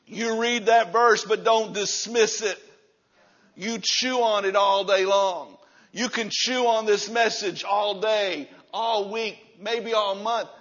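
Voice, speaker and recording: A high-voiced man delivers a sermon at an unhurried pace, dropping low and quiet before climbing into loud, shouted declarations. The recording sounds slightly dull. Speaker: pastor.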